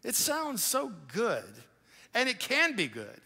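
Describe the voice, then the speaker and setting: A male pastor preaching a sermon in a conversational, animated way, with quick asides to the congregation. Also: very high voice. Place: church auditorium. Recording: live church hall with long reverb.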